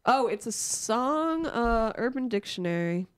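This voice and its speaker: A woman's voice: fairly high pitch, expressive, unhurried, clear, resonant tone. A woman co-hosting a podcast, chatting casually with dry, teasing remarks. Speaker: podcast co-host. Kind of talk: casual crude chat.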